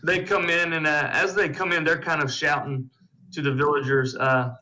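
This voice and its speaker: A man narrating as game master of a tabletop game, describing scenes in a relaxed, loose way with plenty of fillers. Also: fairly high pitch, moderate pace, low-quality recording.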